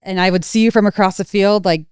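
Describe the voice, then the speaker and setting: A woman's voice: mid-range voice, steady tone, a little mellow, clear, resonant tone, no echo, clean studio sound. A woman, a snowmobile riding instructor, talking in casual podcast chat in a thoughtful, easygoing manner. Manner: thoughtful, slows down at points, light laughs.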